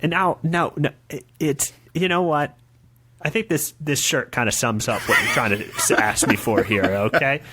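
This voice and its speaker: A man's voice: medium pitch, normal speed, background noise. A young man hosting a podcast, chatting casually with playful mock-sales bits and laughter. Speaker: podcast host. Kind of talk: casual comedic chat.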